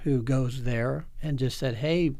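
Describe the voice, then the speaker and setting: A middle-aged man tells a personal story as a guest, earnest and heartfelt. He restarts his sentences often, and his voice sits at a medium pitch. The sound is dry and close, with no room echo. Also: moderate pace. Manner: earnest, emotional, animated storytelling with many restarts. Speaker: OB-GYN guest. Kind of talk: candid personal storytelling interview.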